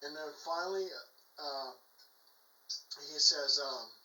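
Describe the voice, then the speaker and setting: A man tells a joke in a casual chat with lively, animated storytelling. His voice is sharp and bright, a little higher than most men's. He sounds some way off from the mic in an echoey room. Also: slow, distant mic.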